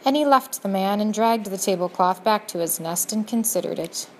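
Woman, storybook narration, addresses the reader, gently expressive, mid pitch. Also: normal speed, slight background noise, rough recording. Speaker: audiobook narrator.

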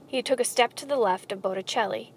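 A woman reading a children's storybook aloud, expressive and speaking straight to the listener. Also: a little high, fast, slight background noise. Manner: expressive, addresses the listener directly.

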